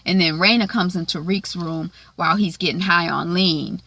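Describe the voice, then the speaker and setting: A woman's voice: lowish voice, normal speed, a bit bright. A woman casually recapping a TV episode, chatty, with lots of "um" and "like", acting out the characters' lines. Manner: chatty, frequent "um" and "like", acts out quoted lines.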